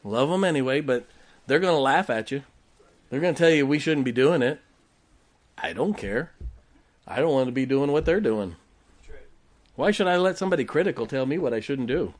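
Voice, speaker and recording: A man's voice: medium pitch, animated, normal speed, pauses often. Guy pastor preaching, punchy repeats, rhetorical questions, little jokes, keeps asking the room if they're ok. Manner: emphatic preaching with rhetorical questions and joking asides; checks in with the congregation. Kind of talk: sermon.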